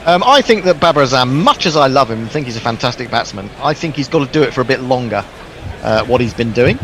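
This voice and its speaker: A man's voice: medium pitch, expressive, fast, a bit bright. A man hosting casual cricket commentary, hesitant with many ums, reading out listener messages.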